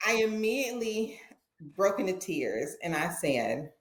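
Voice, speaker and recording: Animated woman storyteller, roomy echo. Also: medium pitch, a little slow. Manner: animated, acts out dialogue in her stories. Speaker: podcast guest, therapist. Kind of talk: personal storytelling in an interview.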